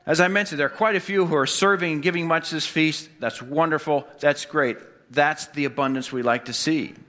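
Bright-voiced male preacher giving a sermon. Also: a little high, steady tone, fairly quick. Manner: asks the congregation questions, wry jokes. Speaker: pastor.

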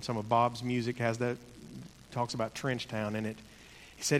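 A man giving a sermon in an earnest, conversational way, slowing down to stress key points. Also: medium pitch, flat delivery, big-room sound, slight background noise. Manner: earnest, conversational, slows for emphasis. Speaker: preacher.

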